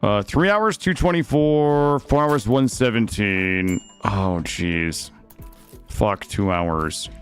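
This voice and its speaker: Faint music plays behind a young gaming streamer as he talks through his game live, going from low murmurs to panicked outbursts. His voice is on the low side, slow and clean, recorded on a studio mic.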